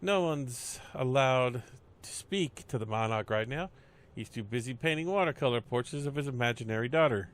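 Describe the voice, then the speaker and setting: A man's voice: mid-range voice, normal speed, lightly acted. A man doing a wry streetwise gatekeeper. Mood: sardonic. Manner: slangy, sardonic. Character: gruff male compound gatekeeper, wry and streetwise.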